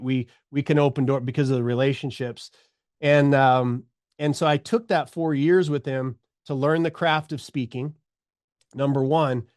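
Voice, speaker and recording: A middle-aged man telling his story as a podcast guest, animated, acting out the voices of people he quotes. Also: mid-range voice, no room sound, studio quality.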